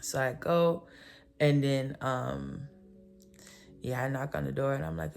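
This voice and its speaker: A woman's voice: a bass voice, steady tone, measured pace, vocal fry, long pauses, darkish tone, soft background music. A woman vlogger telling a personal story in a casual, rambling way, full of "like" and "um" and frequent self-corrections. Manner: rambling, filler-heavy, often self-correcting.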